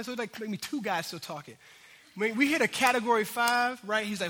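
A high, sharply bright male pastor preaching to his congregation. His storytelling is animated, jumping from loud bursts to near-whispers. His voice rings with the long reverb of a large hall. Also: fast. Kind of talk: sermon with personal story.

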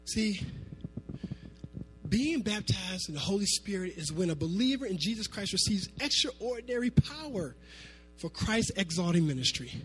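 A man preaching a sermon to his congregation, animated and conversational, dropping to quiet asides and then climbing to loud, emphatic peaks. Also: sits high. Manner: animated, swinging from soft asides to shouting. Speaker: pastor.

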